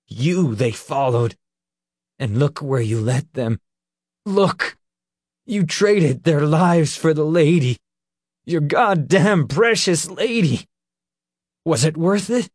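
A man's voice: mid-range voice, takes it slowly, darkish tone, slightly rough, no room sound, studio quality. A man voicing a furious wounded teenage boy. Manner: snapping, bitter, accusing.

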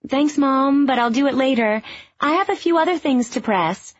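A woman reading aloud, voicing a frank, headstrong young woman dancer in a lifted, lively voice. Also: a little high, normal speed, breathy edge, muffled recording, voice pushed up.

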